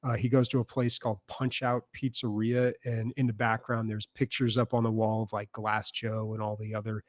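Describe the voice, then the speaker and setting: A man's voice: on the low side, little pitch movement, moderate pace, no echo. Man rambling in a dry podcast chat. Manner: rambling, filler-heavy storytelling. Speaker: podcast co-host. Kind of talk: casual chat.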